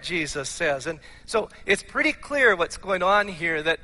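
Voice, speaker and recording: A man preaching in a high, piercingly bright voice that rings out with a long church reverb. He is animated and emphatic, often restarting his words, and sounds slightly hoarse. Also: measured pace, few pauses. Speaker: pastor. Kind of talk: sermon. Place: church sanctuary.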